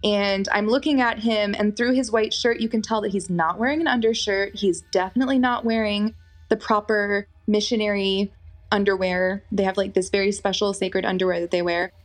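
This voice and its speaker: A woman's voice: medium pitch, moderate pace. A young woman telling a personal story in a casual, chatty way, full of fillers. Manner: animated, chatty, lots of fillers.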